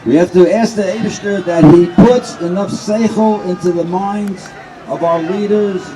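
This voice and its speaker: A man's voice: sits high, steady tone, moderate pace, background noise. A man, an army veteran, speaking earnestly at an outdoor protest rally.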